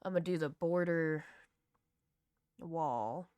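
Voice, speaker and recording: A woman's voice: sits low, slow, darkish tone, smooth, no room sound. A woman with a Southern US accent chatting casually on a live stream while she draws, rambling, laughing and swearing freely. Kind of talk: casual chat while drawing.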